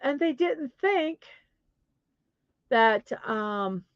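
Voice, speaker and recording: A high-sitting, expressive female voice talks very slowly, recorded without echo and with the highs cut off. The speaker, a middle-aged Southern woman, hosts a daily positivity show in a casual solo chat. She giggles at her own stumbles, apologizes, and pokes fun at herself.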